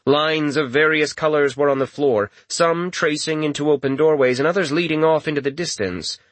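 A man narrating a fantasy story in a wry, expressive reading. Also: fairly high pitch, moderate pace, no echo. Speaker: audiobook narrator. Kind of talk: scripted narration.

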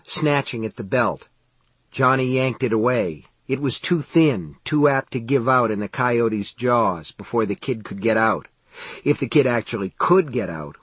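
A man narrating an audiobook in a steady, measured storytelling voice. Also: medium pitch, husky, dry recording.

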